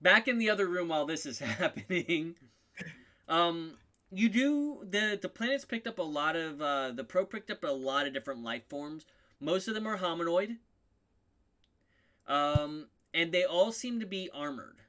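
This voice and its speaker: Male game master who narrates loosely, full of ums and restarts; bright, slightly high voice. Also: lively intonation, normal speed. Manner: rambling, many ums, self-correcting.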